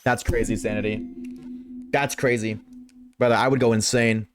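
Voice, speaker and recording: A young man streaming live, reading chat and reacting in a casual, slangy, excitable way, swearing freely. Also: fairly low pitch, moderate pace, clean tone, faint music behind.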